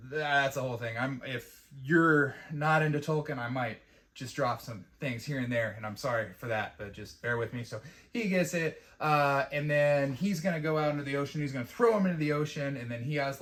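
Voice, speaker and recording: A man's voice: mid-range voice, normal speed, fairly bright tone. A man casually reviewing a fantasy TV episode, rambling and profane, with lots of fillers. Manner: rambling and profane, with mocking quoted impressions.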